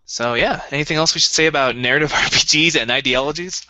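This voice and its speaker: A man's voice: fairly high pitch, fast, sharp tone, no echo. A man co-hosting a podcast in easygoing casual chat, laughing often. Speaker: podcast co-host.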